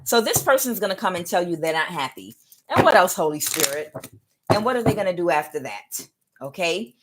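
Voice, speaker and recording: Woman tarot reader, low voice, rambling, repeats herself, talks to viewers. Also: lively intonation, brisk, heavy background noise. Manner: rambling and repetitive, many restarts; addresses viewers directly. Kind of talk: live tarot reading.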